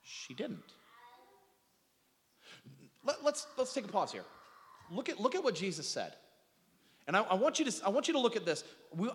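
A man's voice: high-pitched, a bit bright. A man preaching a sermon, explaining scripture with joking asides and often repeating words as he restarts. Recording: long reverb from a large hall.

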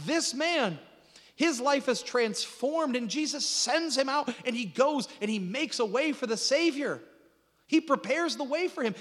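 A man preaching a sermon, dramatic, acting out quoted voices and dropping to a hushed intensity. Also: very high voice, long reverb tail.

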